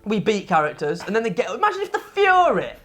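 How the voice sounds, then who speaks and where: Woman reviewer, mid-pitch, casual talk; rants, swears, sounds exasperated and animated, with faint music underneath. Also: fast. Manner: exasperated ranting, profane, animated. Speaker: game reviewer co-host.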